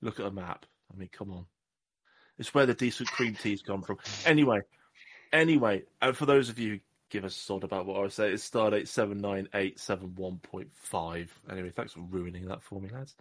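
A man's voice: lowish voice, fairly quick. A man from southwest England, co-hosting a podcast in rambling, self-mocking casual chat. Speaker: podcast co-host.

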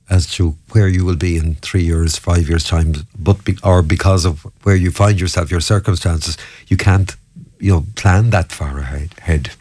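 A man's voice: low voice, a little mellow, no room sound. A man hosting an interview, asking conversational, probing questions with some hesitation. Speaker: podcast host.

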